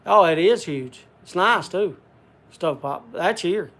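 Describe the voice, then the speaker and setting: A man's voice: high-pitched, expressive, takes it slowly, fairly bright tone. An older man hosting a casual livestream, rambling in a folksy country way and answering viewer comments. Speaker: livestream host.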